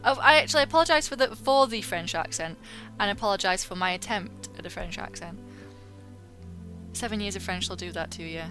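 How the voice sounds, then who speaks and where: A woman's voice: mid-range voice, a little fast, over music. A woman playing a video game and talking casually over it, chatty and self-mocking, now and then swearing at the game. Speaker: gaming video host. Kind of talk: casual let's play commentary.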